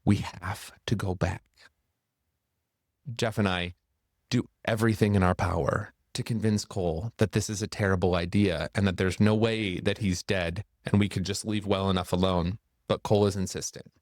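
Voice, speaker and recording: A man's voice: deep voice, fairly even intonation, brisk, no room sound, studio quality. A man telling a personal story for a church series, building suspense as he narrates.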